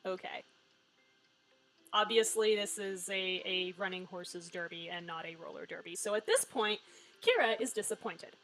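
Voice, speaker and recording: A woman's voice: mid-range voice, normal speed, a bit bright, faint music behind, low-quality recording. A woman live-streaming a story game, giving wry, joking commentary and swearing freely. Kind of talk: casual live-stream commentary, reading game lines aloud.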